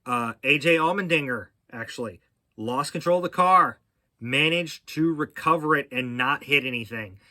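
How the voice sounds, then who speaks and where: A middle-aged man hosts a casual racing chat, rambling and restarting his sentences as he goes. His voice is bright and forward, and it sits close and dry with no room sound around it. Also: medium pitch, normal speed, dry recording. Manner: rambling, with frequent fillers and restarts. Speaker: podcast host.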